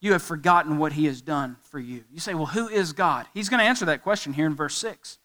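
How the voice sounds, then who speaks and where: Male pastor, high bright voice, emphatic sermon delivery with quick asides.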